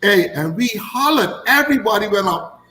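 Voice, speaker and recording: Brief: male ex-cricketer, storyteller, slightly high voice, echoey room. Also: normal speed, noisy background. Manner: animated anecdotes, repeats phrases for emphasis. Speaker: former cricketer. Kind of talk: casual storytelling chat.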